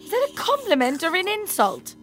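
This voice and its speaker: A snarky alien daughter. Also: female voice, extremely high pitch, huge pitch swings, brisk, over music, exaggerated voice. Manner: dry, snarky. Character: sarcastic young alien daughter.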